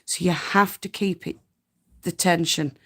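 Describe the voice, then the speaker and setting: Hosting a casual live-stream tutorial, a Yorkshire-accented woman from North Yorkshire, England, shares homey spinning advice and laughs a lot. She speaks a little slowly in a lowish, steady voice.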